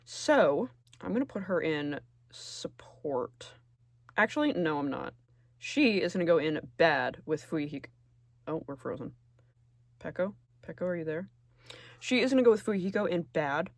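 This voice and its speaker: A video creator delivers casual, sarcastic tier-list commentary packed with swearing, jumping between loud outbursts and low muttering. There's no room sound.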